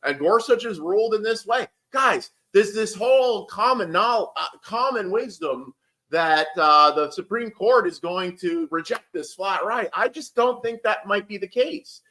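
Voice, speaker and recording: A man's voice: sits high, lively intonation, a little slow, pushed and bright. A man giving rambling, heated political commentary on a casual livestream, swearing and restarting often.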